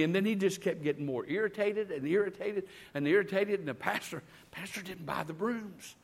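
A man's voice: sits high, brisk, gravelly, few pauses, husky. A man preaching a sermon, telling stories and calling out to the congregation for amens. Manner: animated storytelling preacher, calls out to the congregation. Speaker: guest preacher.

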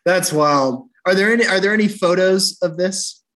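A man hosts a casual podcast chat with a mid-range voice. He sums up advice in brisk, list-like runs. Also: sits high, fairly bright tone. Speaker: podcast host.

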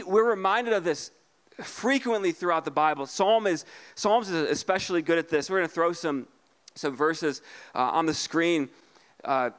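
A man preaching a sermon, restarting his phrases and doubling words, then jumping into lively acted voices. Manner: halting, repeats words, acts out voices with big pitch jumps. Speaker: pastor. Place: church.

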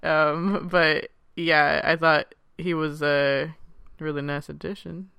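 A man's voice: a little high, little pitch movement, slow pace, vocal fry, sharp tone, smooth, no echo, clean studio sound. A man chatting casually about a film, giggly and full of fillers. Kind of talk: casual chat.

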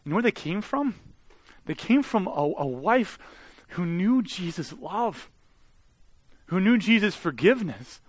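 A man's voice: high voice, very animated, unhurried, pauses often, no room sound. Earnest man preaching with a dry sound. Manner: earnest preaching, swelling loud then dropping to soft, intimate tones. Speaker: pastor. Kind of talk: sermon.

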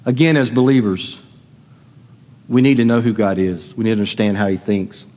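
A middle-aged pastor delivers a sermon in a church sanctuary, speaking conversationally and posing questions to the congregation. His voice is on the low side and a little mellow, at a normal speed, with long hall reverb in the recording.

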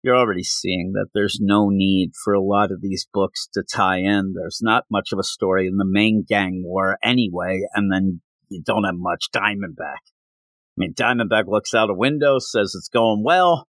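A man co-hosting a podcast, reviewing comic books in casual chat and acting out characters' lines in quick voices. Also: on the low side, steady tone, a bit bright, dry recording. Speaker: podcast co-host.

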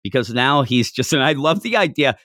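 Male podcast co-host, casual and animated, laughs a lot, dry close mic, mid-pitched voice. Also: brisk, no room sound. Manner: animated, laughs often, acts out quoted lines in a raised voice. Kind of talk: casual chat reviewing manga.

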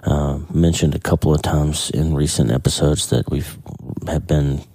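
Really deep dark voice, guy talking earnest and halting, voice cracking, dry close sound. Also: little pitch movement, breathy edge, no echo. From United States. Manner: earnest, halting, repeats words. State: voice cracking with emotion. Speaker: podcast host. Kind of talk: casual devotional talk.

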